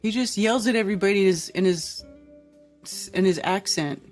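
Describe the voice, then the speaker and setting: A woman's voice: medium pitch, moderate pace, darkish tone, faint music behind. A woman hosting a casual live-stream talk show, speaking in a blunt, profane, exasperated manner. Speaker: podcast host.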